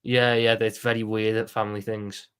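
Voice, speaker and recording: Blunt sweary Scouse lad. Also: male voice, lowish voice, level tone, moderate pace, noisy background. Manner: blunt, sweary, jokey banter. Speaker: co-host of a football watchalong. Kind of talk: casual chat.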